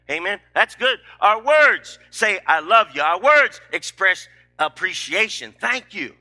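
A man's voice: high voice, lively intonation, normal speed, pushed and bright. A middle-aged man, preaching a sermon in a folksy, emphatic, joking way.

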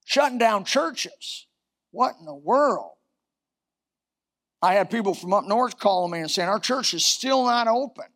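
Man pastor preaching, high voice, scripture-quoting, bursts of loud fervor. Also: animated, normal speed, pauses often. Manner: preaching with sudden rises and shouts, reciting scripture. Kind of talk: sermon.

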